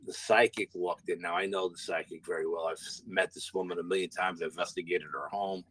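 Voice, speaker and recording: A man's voice: low-pitched, steady tone, brisk, a bit bright, no room sound, poor audio. A man, a guest paranormal investigator, telling a story in a rambling, casual way, repeating words and swearing now and then.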